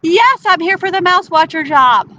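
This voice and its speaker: A woman's voice: very high-pitched, animated, moderate pace, bright, forceful tone, muffled recording, pitched above the performer's own voice, full character voice. A woman voicing a snake who applies for a job, breezy and offhand. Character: casual snake applying for a job.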